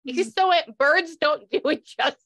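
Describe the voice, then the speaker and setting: A woman's voice: high voice, unhurried, a bit bright. A woman working as a psychic medium in a casual session, chatty and laughing as she passes on messages.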